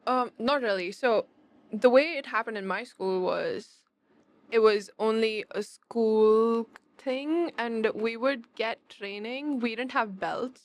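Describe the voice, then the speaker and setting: A woman's voice: a little high, slow. Matter-of-fact woman with an Indian accent. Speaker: podcast co-host. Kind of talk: casual chat.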